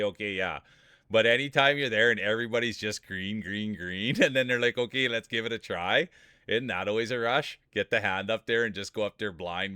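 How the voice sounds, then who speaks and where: A man's voice: lowish voice, sharp tone, clean tone, dry recording, studio quality. A man commentating live marble races on his stream, chatty and rambling, greeting viewers by name and breaking into laughter at wild moments. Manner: hype-building, calls out viewers by name.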